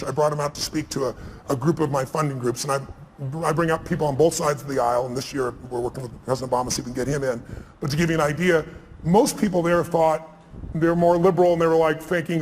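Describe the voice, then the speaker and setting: A man telling stories to a live audience at a rapid clip, with a slightly high voice. He leans hard into each point and acts out the quotes. The sound carries a long hall reverb and faint room ambience. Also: a little hiss or hum. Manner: fast, emphatic storyteller, acting out quotes. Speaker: speaker on stage. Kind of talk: stage conversation, storytelling. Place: large event hall with audience.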